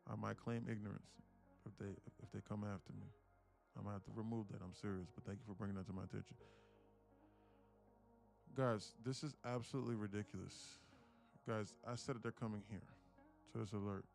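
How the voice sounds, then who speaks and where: A man's voice: fairly low pitch, steady tone, a little fast, creaky, long pauses, darkish tone, soft background music. A man hosting a live day-trading stream, chatting casually, laughing often and repeating words as he thinks. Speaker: day-trading livestream host.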